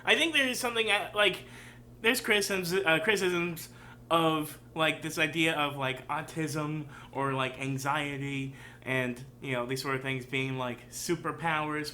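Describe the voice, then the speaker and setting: A man's voice: on the high side, bright, forceful tone, slight background noise. A man hosting a casual reaction show who rambles through his commentary with many fillers. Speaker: show host.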